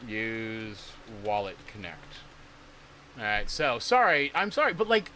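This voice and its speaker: Bright-voiced, exasperated rambling man. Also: fairly low pitch, big pitch swings, a little slow, a little hiss or hum. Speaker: crypto streamer. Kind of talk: casual livestream talk.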